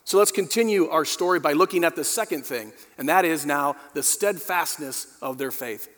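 Pastor guy preaching, high-ish voice, goes from hushed to loud, big echoey sanctuary. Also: moderate pace. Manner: dynamic preaching, rising to emphatic peaks and dropping low; addresses the congregation directly. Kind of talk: sermon. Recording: long hall reverb.

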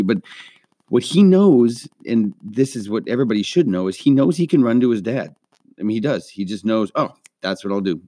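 A man's voice: on the low side, a little mellow, dry recording, studio quality. A man hosting a podcast, talking casually and earnestly about faith and a film, with many restarts and asides. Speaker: podcast host. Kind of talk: casual faith-based movie talk.

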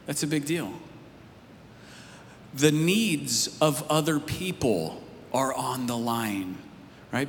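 Pastor with a bit of a higher voice, in a reverberant hall. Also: male voice, a bit bright. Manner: casual storytelling, rising emphatic near the end. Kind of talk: conversational sermon. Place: church sanctuary. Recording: long hall reverb, faint noise.

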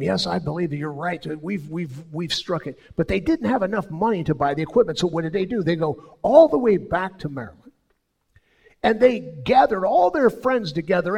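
A high-pitched man with a gravelly, husky voice preaches a sermon. His pitch leaps around animatedly as he tells stories, swinging between loud and soft. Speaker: pastor.

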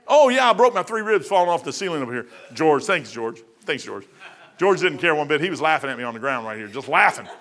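A man in his sixties preaching a sermon, telling folksy stories with bursts of loud emphasis. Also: fairly high pitch. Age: 60s.

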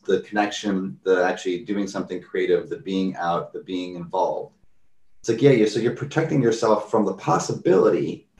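A man's voice: on the low side, roomy sound, distant mic. A man talking casually about mindfulness, telling everyday stories and acting out people's reactions. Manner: animated storyteller, acts out quoted reactions. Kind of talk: casual conversational talk.

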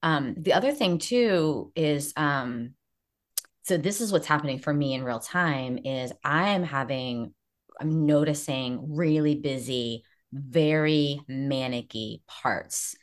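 A woman therapist talking as a podcast guest, animated and acting out her own inner voices. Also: low voice, slow. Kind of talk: casual podcast chat.

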